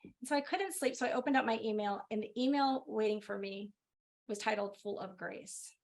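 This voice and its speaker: A middle-aged woman, a physician, telling her personal story in a webinar in an animated way, often laughing. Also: medium pitch, fairly quick, vocal fry. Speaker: guest speaker, physician.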